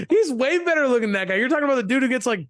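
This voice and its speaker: An excitable young man chats about sports on a podcast, jumping from point to point and ribbing his co-host. His voice sits high for a man, and the sound is close and dry with no room behind it. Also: no echo. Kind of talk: casual sports chat.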